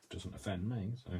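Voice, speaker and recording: A man's voice: sits low, dark tone, a little hiss or hum. A man hosting a crafting video, chatting in a rambling, self-deprecating way as he works. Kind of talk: casual chat while crafting.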